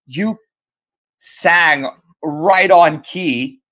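High-voiced, gushing man radio host. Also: drawn-out words, dry recording. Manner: excitable, gushing. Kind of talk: casual radio chat. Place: radio studio.

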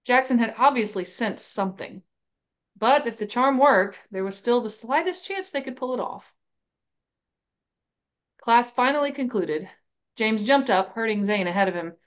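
Woman reading a story aloud, lo-fi. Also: on the high side. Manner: measured, expressive reading. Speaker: podcast host reading aloud. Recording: slightly dull lo-fi recording.

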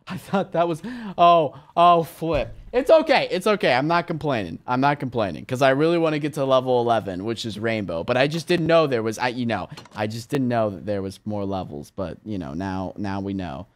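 A young man giving casual gameplay commentary as a video game creator, excitable and quick to burst into shouts and exclamations. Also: medium pitch. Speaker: gaming YouTuber.

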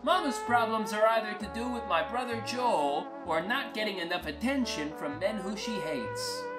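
A woman telling a crude, wry first-person comic story in a deadpan way. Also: medium pitch, moderate pace. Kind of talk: first-person comic monologue over music. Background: acoustic guitar music.

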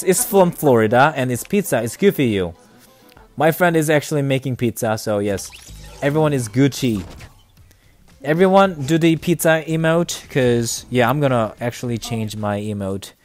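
Excitable young male game streamer. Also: mid-range voice. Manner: excitable, chatty, laughs often, swings from mumbling to loud cheering. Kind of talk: casual live gameplay commentary.

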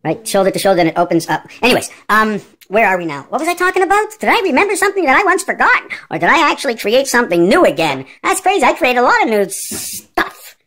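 A woman vlogger rambling excitedly through a numerology monologue, peppered with "like" and "okay?" and swinging her pitch up and down. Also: quick pace, hardly any pauses. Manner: wide jumps in pitch within a sentence.

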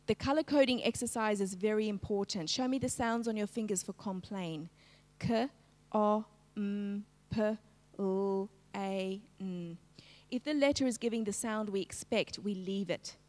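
A woman teaching a live-streamed phonics lesson, slowly segmenting each sound in a word and prompting the class to join in. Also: medium pitch, big-room sound. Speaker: literacy teacher.

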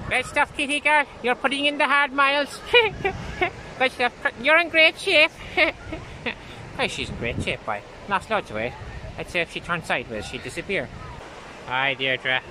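Man doing vain young Irishman, animated mocking talk, surf noise. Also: medium pitch. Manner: lively gossiping, mocking. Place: outdoors at a windy beach. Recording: wind and waves noise. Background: wind and surf.

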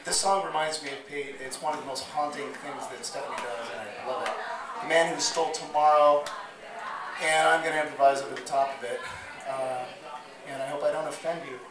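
Hoarse guy rambling and swearing on stage, roomy far-off sound, crowd chatter. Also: fairly high pitch, steady tone, fairly quick. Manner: profane, rambling storytelling. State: slightly hoarse. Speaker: spoken word performer. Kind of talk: live stage storytelling. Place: bar or club stage. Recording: roomy live recording from far off. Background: crowd murmur.

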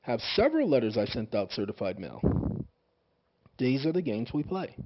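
A man with a fairly high voice talks straight to his viewers in a casual monologue. He repeats his points and keeps pressing with rhetorical questions. The sound is dull and lo-fi, recorded on a phone. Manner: emphatic, repetitive, rhetorical questions. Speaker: vlogger.

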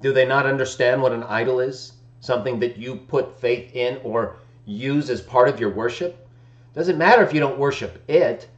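Argumentative man hosting a Bible stream. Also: medium pitch. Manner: argumentative, keeps asking "right?" with short chuckles. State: voice not fully warmed up in the morning. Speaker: host of a daily Bible-text live stream. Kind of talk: casual preaching commentary. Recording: echoey room, dull lo-fi stream audio.

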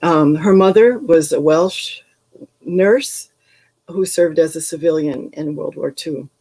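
Older woman, retired English professor, unhurried, reflective, hesitant ums, video call. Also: sits low, mellow, breathy edge, poor audio. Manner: slow, thoughtful, with frequent ums and restarts. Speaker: retired English professor leading a poetry workshop. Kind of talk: reflective workshop talk with poetry readings.

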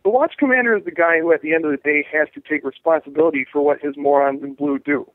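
A man's voice: on the high side, fast talker, no echo. A talkative man on a tinny phone line. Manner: animated, acts out quoted voices, many restarts. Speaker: jury rights activist, guest. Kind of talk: interview over phone.

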